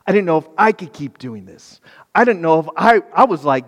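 A fairly high-voiced man preaching with passion. He drops to quiet reflection, then builds to loud, pleading questions, and slips in casual asides. His voice rings with a long reverb, as in a big hall. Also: animated, normal speed. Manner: impassioned, swings from soft to loud. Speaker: pastor. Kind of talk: sermon.

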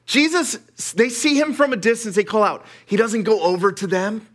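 Animated high-voiced male preacher. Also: fairly quick. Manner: animated and conversational, with laughter and casual asides. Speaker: pastor. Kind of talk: sermon.

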